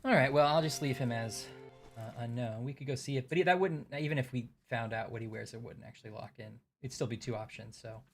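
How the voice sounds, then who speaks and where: A man's voice: medium pitch, fast talker, soft background music. A man streaming a mystery game, thinking aloud as he works through the puzzles with a friend. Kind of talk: casual game chat.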